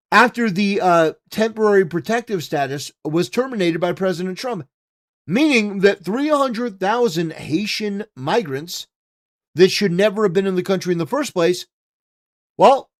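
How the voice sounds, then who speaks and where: A man hosting a live stream, talking casually and ranting, with lots of "you know" fillers and swearing. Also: high-pitched. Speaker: streamer host.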